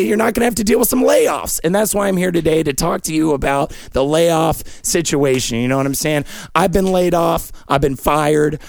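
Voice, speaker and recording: A man with a gravelly, creaky voice rants through an improvised comedy bit, profane and erratic. He pitches his voice somewhat high and often lapses into a sing-song lilt. The sound is dry and close. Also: no room sound. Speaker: comedy show host.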